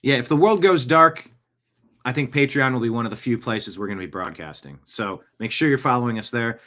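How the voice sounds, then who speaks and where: Animated and a little fast, this podcast host speaks in a mid-range voice with a fairly bright tone. His casual live-show monologue rambles along, packed with jokey asides.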